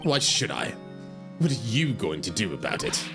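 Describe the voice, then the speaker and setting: A man voicing a cold, proud young male prosecutor, speaking low and scornfully while playing through a game. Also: huge pitch swings, moderate pace, over music. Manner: clipped, low, scornful delivery. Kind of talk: fan voice-acting a game playthrough.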